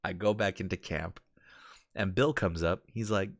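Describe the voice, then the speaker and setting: A man hosts a casual gaming podcast, laid-back and slangy, telling game stories and saying "dude" a lot. His deep voice moves at normal speed. The sound is clean and studio-like, with no echo.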